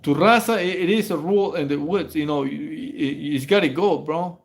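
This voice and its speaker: High-voiced rambling storyteller man. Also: moderate pace, creaky. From Mexico. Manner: rambling, stammering slang-heavy storytelling with frequent laughs. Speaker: livestream host. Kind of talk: casual prison stories on a livestream.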